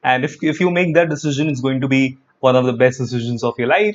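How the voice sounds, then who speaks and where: A man with an Indian English accent, an English teacher giving an energetic online grammar lesson, repeating his points and talking straight to the viewers. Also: medium pitch, fast, few pauses, highs cut off. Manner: energetic, repeats phrases, addresses viewers directly.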